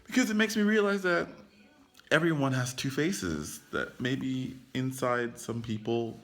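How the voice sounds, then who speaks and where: A man's voice: mid-range voice, animated, measured pace, fairly bright tone. A young man talking casually into his phone camera about a film, rambling, leaning on "like" and swearing freely. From United States. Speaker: vlogger.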